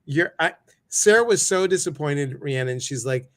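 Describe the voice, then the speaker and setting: A man's voice: on the high side, lively intonation, normal speed, a bit bright. A man hosting a casual livestream talk show, chatty and upbeat as he greets viewers one by one.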